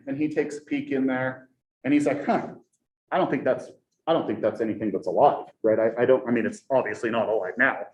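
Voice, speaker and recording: A man in his forties, a college professor, telling a story to his class in a chatty, animated way and tagging nearly every sentence with a rhetorical question. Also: medium pitch, muffled recording. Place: lecture classroom. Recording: echoey classroom recording.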